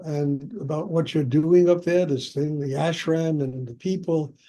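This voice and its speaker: During a Q&A talk, an older spiritual teacher tells anecdotes from his life in a chatty way, with frequent laughter and many "you know"s. His voice is on the high side with a warm tone.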